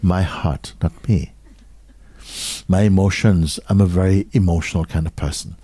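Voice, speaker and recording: In a low, husky, dark-toned voice, a man speaks to an audience as a spiritual teacher. His delivery is slow, questioning and steady, with repeated short phrases and moments near a whisper, and the sound is dry and close with no echo.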